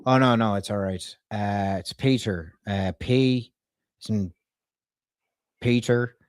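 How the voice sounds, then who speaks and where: A man voicing a polite, folksy Irish male wealth manager on a prank call, speaking in a calm, courteous, unhurried way with an Irish accent. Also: lowish voice, smooth, no echo, clean studio sound.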